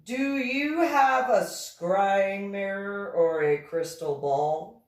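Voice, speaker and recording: A woman voicing a sly, teasing female professor in a slow, drawn-out, theatrical way. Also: mid-range voice, pitched above the performer's own voice. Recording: echoey room, far from mic.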